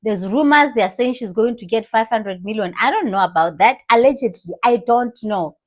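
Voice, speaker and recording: A young woman with a South African accent giving animated, casual commentary, switching languages mid-sentence and laughing often. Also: a little high, a little fast. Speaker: commentary vlogger.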